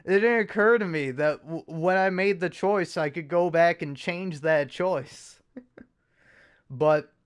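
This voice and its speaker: A man's voice: a little high, slow pace, smooth. A young man hosting a podcast, telling a story in a rambling, profane, self-mocking way with lots of restarts and fillers. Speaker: podcast host. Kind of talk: casual chat.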